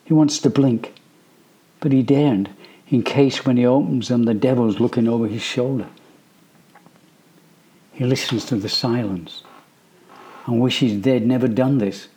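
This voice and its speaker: Male narrator, quiet and tense storytelling, mid-pitched. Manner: slow, hushed, suspenseful. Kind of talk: scripted narration.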